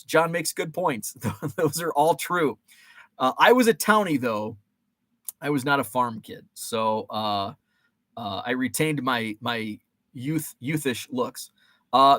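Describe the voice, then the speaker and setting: A man's voice: a little high, a bit bright, dry recording. A man in his forties hosting a casual live-stream chat, rambling and joking with many fillers and restarts.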